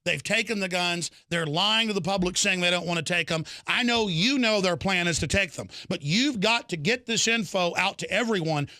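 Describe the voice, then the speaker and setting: A middle-aged man hosting a talk show rants in a fiery political monologue. His voice sits high and pushes with bright, forceful intensity. He swings into mocking impressions and sudden shouts. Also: moderate pace, hardly any pauses, dry recording, clean studio sound.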